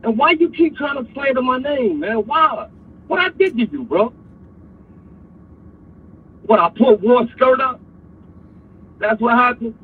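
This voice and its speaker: A man's voice: extremely high pitch, expressive, unhurried, pauses often, slight background noise. A man calling in on the phone, arguing defensively and asking the same questions over and over. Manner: defensive, asks questions again and again. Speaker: caller. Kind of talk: heated phone argument. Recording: tinny phone line.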